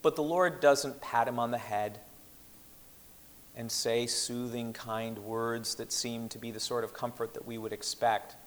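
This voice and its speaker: Male preacher, mid-pitched, earnest and measured delivery, long hall reverb. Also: steady tone. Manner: earnest, measured, with slowed emphatic quotations. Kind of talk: sermon.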